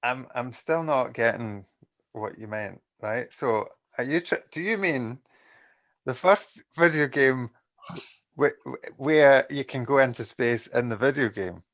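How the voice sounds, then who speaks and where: A man's voice: medium pitch, a little slow, fairly bright tone. Giggly chatty man hosting a podcast. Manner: laughs often, chatty and rambling. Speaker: podcast co-host. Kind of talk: casual chat.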